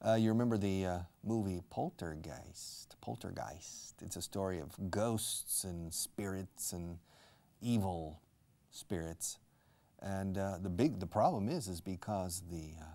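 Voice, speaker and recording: Gravelly, low-voiced male English teacher. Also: dark tone. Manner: explains words and asides, switching into Spanish. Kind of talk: live-streamed English lesson.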